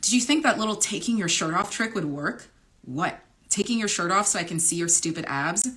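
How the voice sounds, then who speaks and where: A woman voicing a sharp-tongued young college woman, snippy and sarcastic, in a romance novel read aloud. The lines sit a little higher than the reader's lowish own voice. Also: lively intonation, fairly quick.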